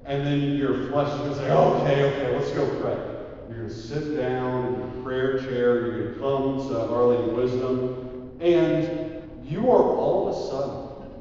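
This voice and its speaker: A man, a priest, preaching an animated sermon and drawing the audience to repeat after him. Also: mid-range voice, normal speed, faint music behind. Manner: animated, audience call-and-response. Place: large hall. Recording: echoey hall from far off, dull sound.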